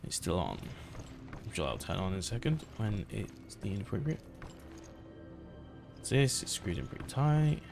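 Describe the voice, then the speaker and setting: Gravelly man muttering over gameplay. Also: lowish voice, big pitch swings, normal speed, pauses often. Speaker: gameplay streamer. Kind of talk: casual let's-play commentary. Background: game music.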